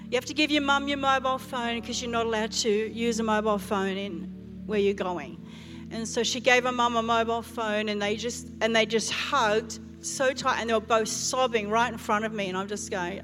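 A woman's voice: on the high side, fairly even intonation, moderate pace. A woman pastor, preaching a sermon in earnest storytelling fashion, often restarting her phrases. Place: large church hall. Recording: church hall reverb with music behind.

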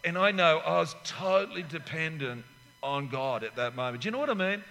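A pastor in his sixties preaches with a fairly high, sharp and forceful voice, emphatic and full of rambling asides. His sermon rings out through a hall with a long reverb. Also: animated, fairly quick, slight background noise. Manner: emphatic, rambling asides, acts out little scenes.

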